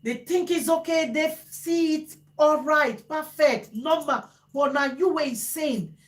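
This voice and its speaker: Host vlogger, woman, fairly high voice, echoey room, emphatic repetition. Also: measured pace. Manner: animated, repeats phrases for emphasis. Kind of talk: casual talk to viewers.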